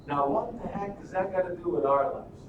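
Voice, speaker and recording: A man with a fairly high voice tells a story in a loose, rambling way, tossing out rhetorical questions as he goes. He sounds far from the mic in a very echoey room. A steady noise sits behind him. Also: a little fast, phone-quality sound. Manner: animated, rambling, with frequent restarts and rhetorical questions. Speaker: live stream host. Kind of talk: casual storytelling and motivational talk.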